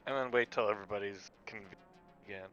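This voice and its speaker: A man's voice: fairly low pitch, fast talker, a bit bright, lo-fi sound, faint music behind. A man playing a tabletop role-playing game, cheerful and chatty. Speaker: player. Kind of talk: tabletop play.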